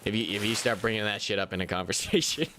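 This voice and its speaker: A young man streaming a game, chatting casually in a rambling, profane, animated way. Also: lowish voice, quick pace, a little hiss or hum. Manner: rambling, profane, animated rants with mocking impressions. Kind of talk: casual live-stream chat while gaming.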